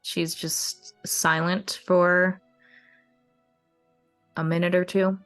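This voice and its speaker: Slow-paced woman game master. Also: lowish voice, flat delivery, faint music behind. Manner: slow, measured narration with fillers. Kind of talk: narrating a tabletop game.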